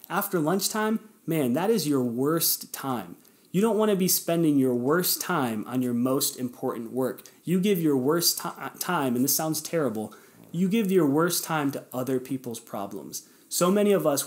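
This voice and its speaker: A man's voice: fairly high pitch, darkish tone. Earnest man hosting a motivational podcast. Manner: earnest, encouraging, addresses listeners directly; conversational, with fillers and self-corrections. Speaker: podcast host. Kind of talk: casual motivational podcast talk.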